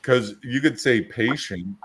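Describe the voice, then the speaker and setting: A man's voice: medium pitch, measured pace, crowd noise. A man co-hosting a coaching podcast, talking assertively in casual chat and acting out quotes in his stories. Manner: assertive, storytelling with acted-out quotes.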